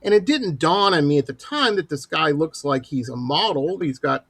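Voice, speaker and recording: A middle-aged man hosting a show and telling stories in a lively, animated way. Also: a little high, normal speed, creaky, breathy edge, no echo. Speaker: host. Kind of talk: casual storytelling.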